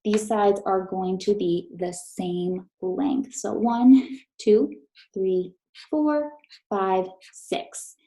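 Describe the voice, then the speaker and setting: A woman's voice: mid-range voice, very slow, dark tone, low-quality recording. A woman teacher giving a recorded math lesson to third graders, patient and encouraging, speaking straight to her students.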